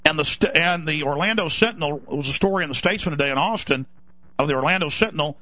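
A man's voice: fairly high pitch, lively intonation, brisk, pushed and bright, no room sound. A male radio talk show host delivering a heated, indignant monologue. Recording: dull lo-fi broadcast audio.

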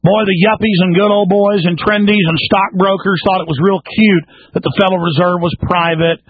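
A man hosts a talk radio show in a high, husky voice, ranting fiercely. He lurches from shouting to low, mocking murmurs. The sound is dry and thin, like it comes down a phone line. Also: steady tone, moderate pace, dry recording. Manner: fiery ranting, swings between shouting and low mocking tones.

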